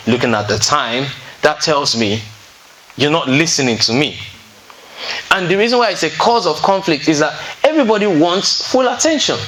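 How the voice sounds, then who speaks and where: A relationship speaker at a singles fellowship, a man with a medium-pitched, sharp voice, teaches a seated audience in a room. He stays conversational, checks in with listeners often and tells stories from counseling sessions. The audio is poor, with a little hiss or hum.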